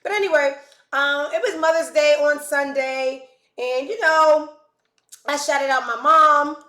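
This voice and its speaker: A woman's voice: high voice, a little slow, sharp tone. A young woman hosting a casual gossip chat show, sassy and playful with lots of slang. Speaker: podcast host. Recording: echoey room.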